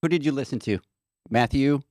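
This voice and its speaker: A man's voice: medium pitch, fairly quick, a little mellow, dry recording. A man hosting a podcast in a studio, teasing his guests and laughing often. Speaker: podcast host. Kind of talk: casual chat.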